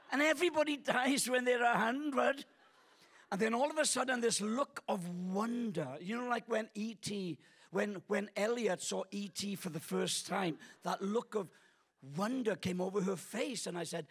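Husky high-voiced older man preaching. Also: animated, moderate pace, a bit bright. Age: 60s. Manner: storytelling with humor and self-deprecating jokes. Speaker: guest pastor. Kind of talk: sermon. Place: church auditorium.

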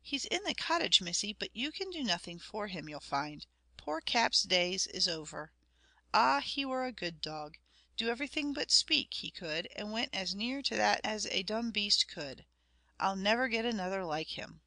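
Brief: a woman doing a sorrowful old country shepherd, rustic speech, bright ringing tone, dry close sound. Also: high-pitched, big pitch swings, normal speed, no echo, heavily acted. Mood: lamenting.

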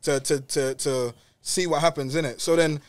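A young man from West London with a London accent, telling a story in casual podcast chat, quick and slangy, saying bruv at every turn. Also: fairly high pitch, fairly even intonation, no echo. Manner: fast and slangy, says bruv constantly. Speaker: podcast guest.

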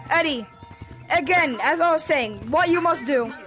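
High-pitched excitable woman host, bossy and repetitive, casual game commentary over music. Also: moderate pace. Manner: bossy, excitable, repeats words. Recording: game music playing under voice.

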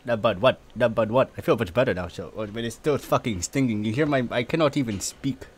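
A man's voice: mid-range voice, brisk, slight background noise. A man on a live stream, coughing, sniffling and drooling as he talks casually, cursing freely and wincing in pain.

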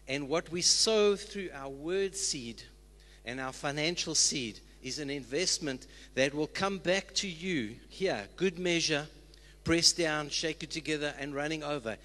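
A man's voice: fairly high pitch, a bit bright. A man, a church leader, exhorting the congregation earnestly with call-and-response lines. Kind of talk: sermon. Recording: long reverb of a church hall.

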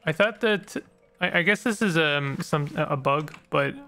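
A man's voice: a little high, measured pace, bright, forceful tone, soft background music. A man hosting a let's play, giving casual game commentary in a rambling way and stumbling over odd names.

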